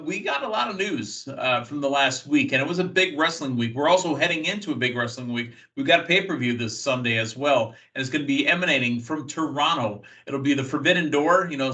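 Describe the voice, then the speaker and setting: Bright-voiced chatty American man. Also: medium pitch, poor audio. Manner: chatty, thinks aloud with many fillers. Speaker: podcast host. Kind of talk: casual wrestling news talk.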